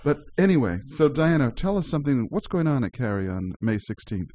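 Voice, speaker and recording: A man's voice: mid-range voice, expressive, a little fast, mellow. Friendly male radio host, casual chat with frequent laughs. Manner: chatty, laughs easily, restarts often.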